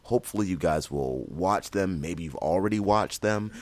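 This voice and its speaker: A man's voice: low voice, lively intonation, moderate pace, a little mellow, no echo. A man co-hosting a podcast in casual chat, talking enthusiastically with lots of fillers and restarts. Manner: rambling, many fillers and restarts. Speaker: podcast co-host.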